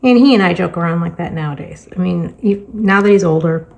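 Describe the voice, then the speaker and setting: A middle-aged woman and crafting host telling family stories in a casual chat, with a sarcastic, deadpan sense of humor. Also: fairly low pitch, brisk, creaky. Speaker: crafting vlogger and teacher.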